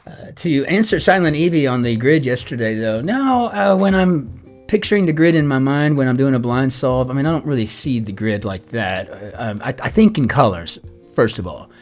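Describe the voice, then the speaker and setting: A man's voice: mid-range voice, animated, normal speed. A middle-aged man solving a crossword aloud as host, chatty and rambling, muttering the clues half to himself. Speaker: crossword solver and channel host. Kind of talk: casual think-aloud puzzle solving. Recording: soft guitar music underneath.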